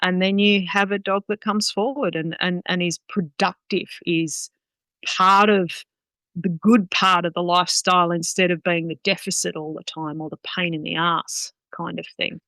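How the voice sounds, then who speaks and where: Frank, bright-voiced woman. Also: lowish voice, little pitch movement, moderate pace, no room sound, rough recording. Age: middle-aged. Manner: frank, swears freely, laughs often. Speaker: guest dog trainer. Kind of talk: casual podcast chat.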